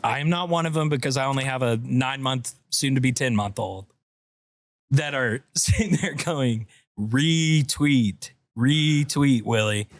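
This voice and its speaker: A man's voice: medium pitch, no room sound. A man co-hosting a casual podcast, bantering in a laid-back way. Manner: laid-back banter, quick reactions and laughs. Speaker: podcast co-host.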